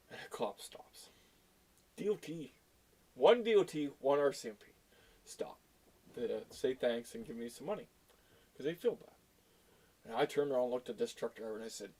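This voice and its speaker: A man's voice: mid-range voice, darkish tone. A middle-aged man from Canada, a tow truck driver, telling a story in a blunt, profane and exasperated way. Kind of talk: casual storytelling rant.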